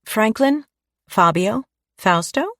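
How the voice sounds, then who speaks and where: A woman's voice: on the high side, animated, slow, fairly bright tone, dry recording, clean studio sound, pitched above the performer's own voice, full character voice. A woman narrator voicing a shy, playful single mother in an audiobook, light and bashful. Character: warm, shy single mother, a little self-conscious. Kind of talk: audiobook dialogue.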